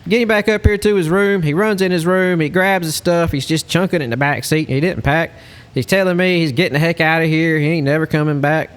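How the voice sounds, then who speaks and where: A man, a hunting lodge guide, telling a story in a casual, animated way. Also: a little high, fairly quick, few pauses, clean tone. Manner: animated storyteller, Southern-style speech.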